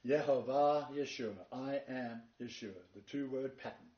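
A man's voice: mid-range voice, steady tone, normal speed, few pauses, darkish tone. Man preaching in an echoey hall. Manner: reads long quotations, then emphatic preaching. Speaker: Bible teacher. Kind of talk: sermon-style lecture. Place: meeting room with a live congregation. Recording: dull, echoey, far-off room recording.

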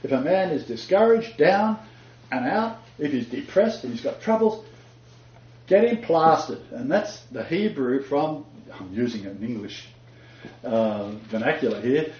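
This Bible teacher's voice is fairly high and swings widely in pitch, moving at a normal speed with a mellow quality. He delivers a chatty lecture-style lesson, joking and laughing at his own asides. The recording sounds dull and echoey, like a room.

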